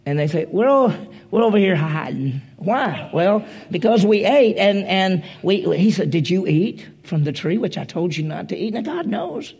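Gravelly-voiced man preaching a sermon. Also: high voice, animated, normal speed, darkish tone. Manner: conversational storytelling, acts out quoted voices.

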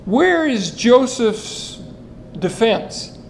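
A man preaching an expository sermon, reading scripture and asking the listeners rhetorical questions in a lively, animated way. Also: very high voice, very slow, vocal fry, slight background noise, rough recording. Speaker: pastor.

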